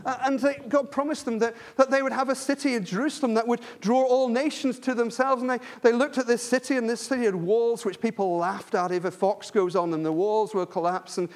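Male preacher, high-pitched, earnest and emphatic sermon delivery. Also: fairly even intonation, a little fast, hardly any pauses. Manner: earnest, repetitive emphasis with frequent restarts.

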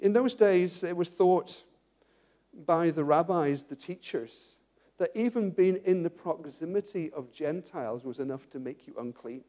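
Preacher, male, high voice, animated sermon delivery. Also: unhurried. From England. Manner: animated, repeats words, emphatic lists.

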